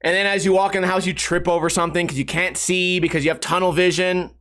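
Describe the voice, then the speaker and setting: Sarcastic young guy ranting on his podcast, bright forceful voice, swears a lot. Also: high voice, level tone, fast. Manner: sarcastic, profane, mocking voices of commenters. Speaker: podcast host. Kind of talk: solo podcast rant.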